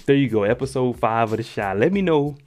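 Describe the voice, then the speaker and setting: A man hosting his channel, giving an animated, slangy, casual recap of a TV episode and laughing often. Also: mid-range voice, fairly quick, faint music behind.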